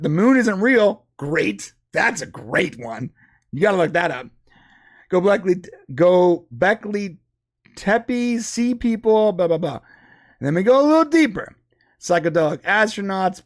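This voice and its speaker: High-voiced man rambling through a list. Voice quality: speech impediment. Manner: rambling, amused, running down a list with asides. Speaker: podcast host. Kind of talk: casual rambling commentary.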